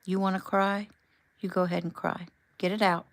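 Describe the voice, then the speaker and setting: A woman reading the lines of a tender, reassuring husband in a gentle, soothing way. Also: medium pitch, flat delivery, moderate pace, no echo, lightly acted.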